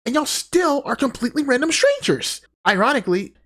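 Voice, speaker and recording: A man giving animated, profane reaction commentary on a video. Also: very high voice, brisk. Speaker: reaction streamer.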